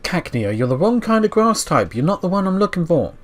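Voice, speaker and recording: A man's voice: sits high, big pitch swings, brisk. A young man with a dry mouth, casually chatting through a video game playthrough, sometimes talking back to the game. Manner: chatty, self-deprecating, talks to the game. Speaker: let's-play host. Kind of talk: casual gameplay commentary.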